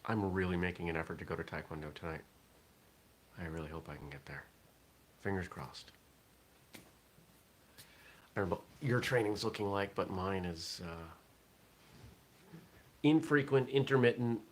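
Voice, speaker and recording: A man's voice: low-pitched, a little slow, long pauses, a little hiss or hum. A man hosting a casual morning vlog, rambling and thinking aloud with fillers. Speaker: vlog host.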